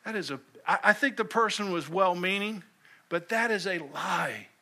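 A man preaching a sermon as pastor, emphatic, repeating key phrases and dropping to a hush for weight. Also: high voice, animated, moderate pace. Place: church sanctuary.

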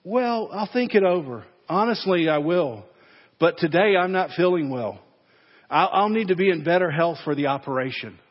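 A man's voice: medium pitch, moderate pace, hardly any pauses, husky. A man voicing a frightened, whining man from hell who keeps making pleading excuses. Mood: evasive. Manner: pleading, evasive, rising to panic. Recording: dull, echoey church sermon recording.

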